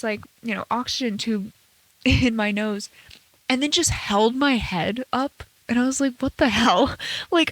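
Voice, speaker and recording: A young American woman with a fairly high voice chats on her own podcast, rambling through her story with plenty of fillers and playful quoted asides. The sound is dry and close, recorded at home with no room echo. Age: around 20. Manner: chatty and rambling, with many fillers and acted-out quotes. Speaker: podcast host, college student. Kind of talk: casual solo podcast chat. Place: bedroom at home.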